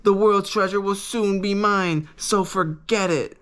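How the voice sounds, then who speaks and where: A man's voice: sits high, steady tone, measured pace, a bit bright, smooth, voice pushed up. A man voicing a boastful, greedy male pirate clown captain in a raised, arrogant voice. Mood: scornful. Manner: arrogant, grandstanding.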